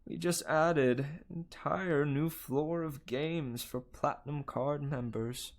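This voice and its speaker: A man voicing a smooth male hotel bellhop who speaks in a drawn-out, coaxing way. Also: a little high, pitched above the performer's own voice.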